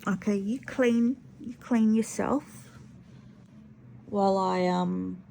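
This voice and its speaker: A woman's voice: medium pitch, slow, gravelly, mellow, a little hiss or hum. A woman hosting a casual reaction commentary, chatty and snarky, swearing now and then. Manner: chatty, snarky, swears, talks to her pet in baby talk. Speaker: commentary channel host.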